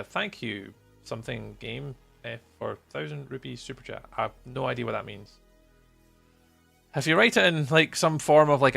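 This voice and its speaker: A man's voice: mid-range voice, gravelly, sharp tone. A man with a mild Scottish accent, a game streamer chatting casually and replying to his viewers' chat messages. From Scotland.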